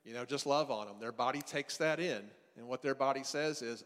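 A man in the middle of his pitch range gives a relaxed, faith-based seminar talk. He speaks as a counselor, chatting loosely with the audience and restarting his sentences as he goes. His voice carries a long reverb from a large hall. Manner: casual, conversational, with asides and quick restarts. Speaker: marriage and family counselor teaching a seminar.

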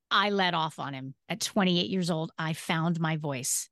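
A woman's voice: on the low side, takes it slowly, a bit bright, dry recording, studio quality. A woman in her fifties, a guest on a podcast, telling her personal story earnestly and emphatically, repeating key phrases. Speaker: podcast guest and disability advocate. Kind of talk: casual interview storytelling.

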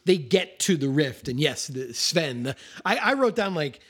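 A man's voice: fairly high pitch, very animated, normal speed, fairly bright tone, breathy edge. A man hosting a podcast, chatting casually and animatedly about films with lots of fillers and some swearing. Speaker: podcast host. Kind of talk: casual film discussion.

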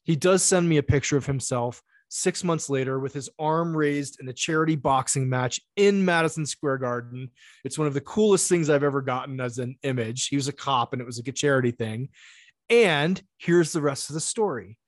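A middle-aged man tells a story as an interview guest, animated and blunt with plenty of swearing. His voice sits at an ordinary middle pitch, and the recording is dry and close with no room sound. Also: normal speed, dry recording. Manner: animated, profane, acts out quoted dialogue. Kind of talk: casual storytelling.

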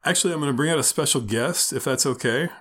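A man's voice: mid-range voice, fast talker, a bit bright. A man co-hosting a podcast in casual chat, joking and rambling with restarts, his throat sore from wine. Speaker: podcast co-host. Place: garage.

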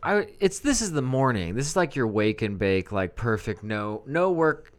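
A man's voice: mid-range voice, sing-song, moderate pace. A young man co-hosting a podcast, chatting casually in a laid-back, rambling way and laughing along. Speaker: podcast co-host. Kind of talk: casual chat.

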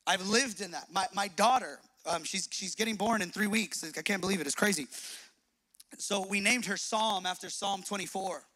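A young man delivers a sermon in a high, bright voice. He swings between loud, emphatic bursts and low, quiet asides, and often repeats phrases to drive them home. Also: moderate pace. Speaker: pastor.

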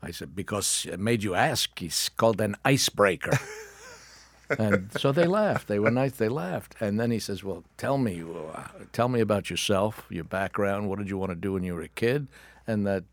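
Deep-voiced older man telling stories. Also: moderate pace, no echo. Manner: wry, animated anecdote telling. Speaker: guest, actor and author. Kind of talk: storytelling in a studio interview. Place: radio studio.

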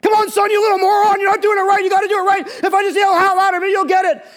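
A man putting on a harsh father who yells and berates his young son. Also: very high voice, level tone, rapid-fire, voice pushed up. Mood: furious. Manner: shouting, berating.

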